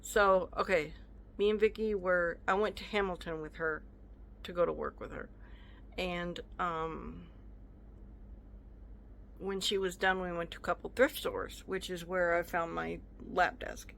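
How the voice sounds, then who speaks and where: A woman vlogger telling a casual storytime rant, indignant and animated, acting out both sides of an argument and drifting off on side comments. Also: lowish voice, a little slow, vocal fry, pauses often, a little hiss or hum. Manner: indignant, animated retelling with acted-out quotes; rambling, stops mid-story to chat.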